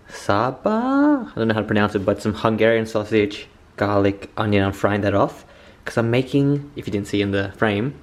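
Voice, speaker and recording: A young man with a fairly low voice talks his way through cooking in his home kitchen. He is chatty and excitable and swears freely, as though speaking to friends. He is recorded on a camera mic. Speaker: vlogger. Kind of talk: casual cooking vlog.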